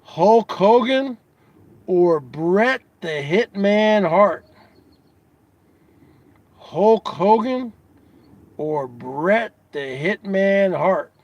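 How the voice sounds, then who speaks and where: A man hosting a casual comedy show, asking his audience teasing questions over and over in a drawn-out way. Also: high-pitched, expressive, no room sound, lo-fi sound. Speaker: host.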